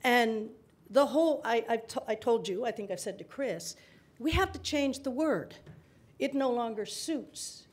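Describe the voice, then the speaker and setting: A woman in her sixties, a panel guest at a public forum, telling her story in an animated way with laughs between remarks. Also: a little high, measured pace. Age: 60s. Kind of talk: conversational storytelling at a live forum.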